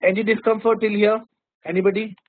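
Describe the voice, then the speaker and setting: A man's voice: sits high, little pitch movement, fairly quick, no echo. A man with an Indian English accent teaching a grammar lesson, explaining patiently, repeating key terms and checking whether students follow. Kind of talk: classroom-style lesson. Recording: dry, phone-like narrow sound.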